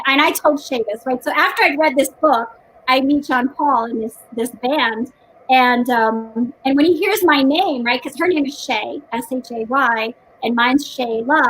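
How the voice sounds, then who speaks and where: A woman's voice: sits high, moderate pace, a bit bright, breathy edge, low-quality recording. A woman co-hosting a casual book chat over a video call, rambling with many restarts and frequent laughter. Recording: faint background noise.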